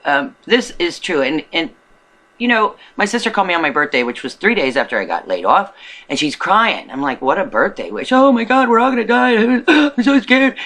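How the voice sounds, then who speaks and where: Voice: mid-range voice, pushed and bright, rough recording. A video blogger talking to the camera in a rambling, earnest way, full of restarts, from a rural home. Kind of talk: casual monologue to camera.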